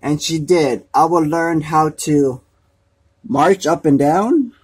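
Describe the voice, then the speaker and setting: A man gently reading a children's storybook aloud, unhurried. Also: fairly high pitch, breathy edge.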